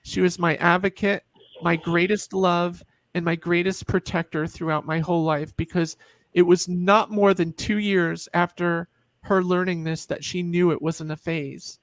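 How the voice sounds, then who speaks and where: A woman's voice: on the low side, fairly even intonation, a little slow, no echo. A middle-aged woman on a video call, telling an emotional personal story in a group chat and acting out the voices she quotes.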